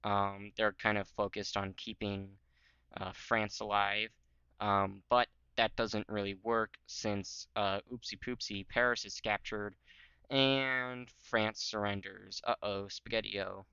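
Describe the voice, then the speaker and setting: A man with a lowish, bright, crisp voice rambles casually over a history map. He fills the gaps with "um" and "like" and drops goofy jokes. The sound is slightly muffled and dry. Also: little pitch movement, takes it slowly, dry recording. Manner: rambling, filler-heavy, joking. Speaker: history channel host.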